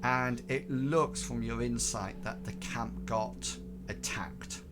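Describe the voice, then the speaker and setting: A man's voice: medium pitch, takes it slowly, fairly bright tone, soft background music. A man running a tabletop game on a live stream, narrating scenes in a hesitant way, full of ums and restarts. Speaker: game master.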